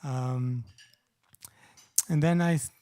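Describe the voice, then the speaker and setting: A middle-aged man giving a poetry reading at a live event, reading short poems and explaining them in a casual, halting way. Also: mid-range voice, steady tone, mellow. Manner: halting, many restarts and fillers when explaining.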